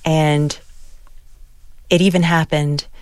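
Measured woman radio host. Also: deep voice, level tone, a little mellow, clear, resonant tone, no room sound, studio quality. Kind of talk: public radio interview and show announcements.

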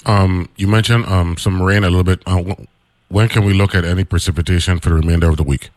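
Deep-voiced guy hosting morning radio, laid back and chatty, dry close sound. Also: quick pace, no room sound. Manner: relaxed, chatty, loose island phrasing. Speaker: radio show host. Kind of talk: morning radio talk show.

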